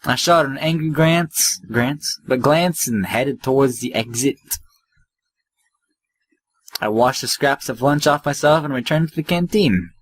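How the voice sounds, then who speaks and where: A man's voice: mid-range voice, measured pace. A man hosting a let's play, reading the story text aloud with wry, offhand asides.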